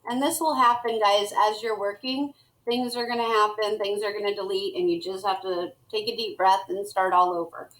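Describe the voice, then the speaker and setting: A woman's voice: medium pitch, fairly even intonation, normal speed, a bit bright, low-quality recording. A middle-aged woman teacher guiding students step by step through a screen-recorded tutorial, talking as she types.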